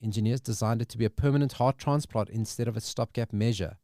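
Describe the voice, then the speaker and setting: A man co-hosting a casual podcast chat, reading movie quiz questions with lively delivery. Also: mid-range voice, fast, dry recording, clean studio sound. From South Africa. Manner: animated, reads movie quotes aloud. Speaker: podcast co-host.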